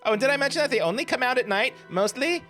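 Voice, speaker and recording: A man's voice: very high-pitched, lively intonation, fast, sharp tone, soft background music, voice pushed up, heavily acted. A man voicing a cheery, chatty eccentric village woman in a game playthrough, sweetly pushy as she hands out errands. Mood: chirpy.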